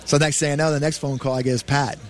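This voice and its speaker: A man's voice: a little high, little pitch movement, fast talker. A man in his forties, a former pro football player, telling rambling stories as a radio show guest. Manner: rambling anecdotes full of fillers. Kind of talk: storytelling interview on radio. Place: radio studio.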